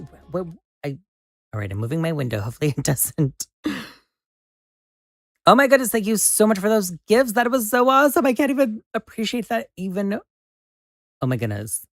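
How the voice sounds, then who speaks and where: A woman hosting a live stream, chatting casually and excitably with viewers as she builds, often exclaiming and laughing. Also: lowish voice, no room sound, clean studio sound. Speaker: livestream host.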